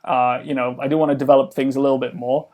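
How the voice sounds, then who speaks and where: A man's voice: medium pitch, flat delivery, quick pace, a little mellow. A man talking casually in a podcast conversation, rambling with lots of fillers and restarts as he explains his game project. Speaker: game developer guest.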